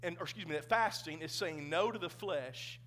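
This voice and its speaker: Male pastor preaching in church; high voice, conversational with the congregation. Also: normal speed, fairly bright tone. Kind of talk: sermon. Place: church sanctuary.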